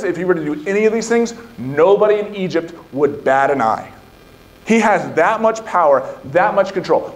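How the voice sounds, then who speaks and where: A man's voice: a little high, low-quality recording. Male pastor preaching and reading scripture. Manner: emphatic rhetorical questions, then steady scripture reading. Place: church sanctuary.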